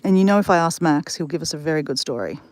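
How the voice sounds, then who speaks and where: A woman's voice: low-pitched, expressive, quick pace, darkish tone, dry recording. A woman live-streaming outdoors in the bush, rambling through stories and talking straight to her chat. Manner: chatty, rambling storyteller talking straight to viewers. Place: outdoors in the bush beside water.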